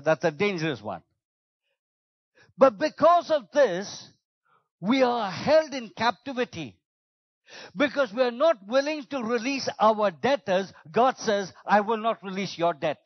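Guy preaching, high voice that swings all over, kinda dull dry sound. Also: no echo. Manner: animated preaching, acts out quoted complaints in a lower voice. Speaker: pastor. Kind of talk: sermon.

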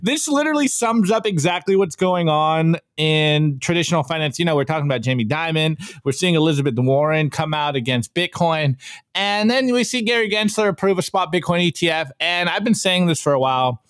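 A fairly high-voiced man hosts a live stream in an easy, upbeat way, reading posts aloud and riffing on them. His voice is close and dry, with no room sound around it. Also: lively intonation, a little fast, fairly bright tone, no echo. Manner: upbeat, chatty, reads posts aloud with laughs. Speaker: podcast host reviewing memes. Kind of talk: casual live-stream chat.

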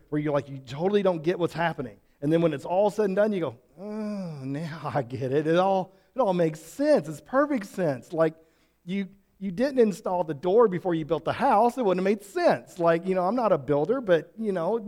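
A man delivers a conversational Bible teaching in a folksy, rambling way. His voice sits a little high but sounds mellow and warm. He often restarts his sentences and adds asides. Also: expressive, brisk. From Switzerland. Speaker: pastor.

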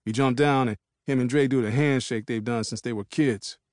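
A man's voice: medium pitch, fairly even intonation, moderate pace, dry recording, clean studio sound. A man narrating an audiobook in the first person, in a laid-back, casual street vernacular.

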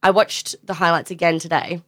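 A woman's voice: lowish voice, fairly even intonation, fairly quick. A young Australian woman co-hosting a casual sports chat, making her case with lots of likes and laughing easily. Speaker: podcast co-host. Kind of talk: casual chat about rugby league.

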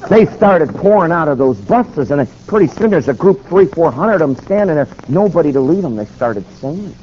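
A man's voice: a little high, big pitch swings. A man preaching through a story, dramatic and acting out each exchange with sudden shifts of voice. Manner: dramatic, acts out dialogue with quick voice shifts. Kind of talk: animated sermon storytelling. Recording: dull, slightly lo-fi with faint noise.

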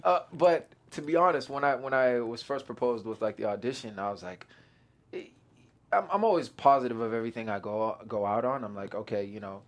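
Young man, guest actor, excitable, laughs a lot, mid-pitched voice. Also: fairly quick. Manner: excitable, laughs often, acts out his own quotes. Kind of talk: casual interview chat.

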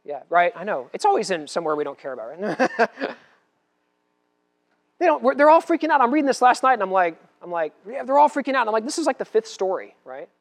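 Animated preaching man, loud then hushed. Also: high voice, a little fast. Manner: animated preaching, swinging from loud declarations to quiet asides, with humor. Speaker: pastor. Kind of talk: sermon.

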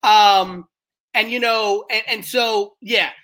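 Bright-voiced man with halting delivery. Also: high-pitched, steady tone. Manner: halting, repeats words, many fillers. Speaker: podcast co-host. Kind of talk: wrestling news talk.

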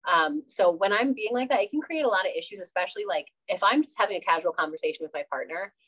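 Young woman guest, casual talk, lively and expressive, laughs easily, mid-range pitch. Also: fast talker, slightly rough, poor audio. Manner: animated, laughs often, acts out quoted exchanges. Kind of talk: casual interview conversation.

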